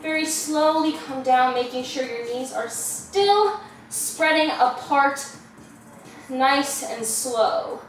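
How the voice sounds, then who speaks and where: A woman's voice: sits high, takes it slowly, slight background noise. A young woman leading a follow-along workout, counting reps out of breath and swearing as she strains. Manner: counting reps aloud, swearing and groaning with effort. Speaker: fitness vlogger. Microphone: camera at a distance. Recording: echoey room, camera far off, music behind.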